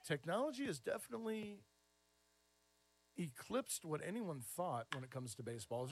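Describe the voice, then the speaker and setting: A middle-aged man doing baseball play-by-play commentary, easygoing and chatty between pitches, lifting into lively excited calls on big plays. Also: moderate pace. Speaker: play-by-play announcer.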